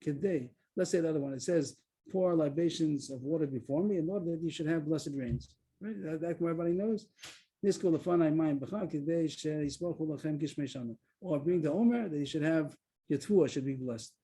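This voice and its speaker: A man leads a Talmud class over a video call. His voice is very dark and mellow with a husky edge, and he sits a little high in pitch. He explains the text step by step and stresses key words. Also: a little fast, low-quality recording. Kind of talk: online Talmud lesson. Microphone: video call mic.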